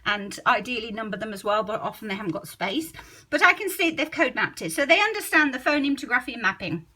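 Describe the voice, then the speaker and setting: A middle-aged woman, a literacy teacher trainer, explains a spelling method while leafing through a book, thinking aloud and sounding words out slowly. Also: on the high side, big pitch swings, sharp tone, husky.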